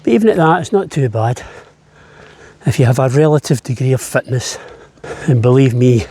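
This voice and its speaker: A man's voice: medium pitch, lively intonation, normal speed, dark tone, slightly rough. A man, a travel vlogger, chatting as he walks an island path outdoors, slightly out of breath on the climb. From Scotland. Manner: chatty, easygoing, jokey. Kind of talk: walking travel vlog.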